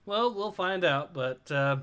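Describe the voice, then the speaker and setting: A man's voice: sits high, animated, measured pace, a bit bright, clear, resonant tone. A man co-hosting a casual comic read-along, chatty and directing who reads what. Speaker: co-host.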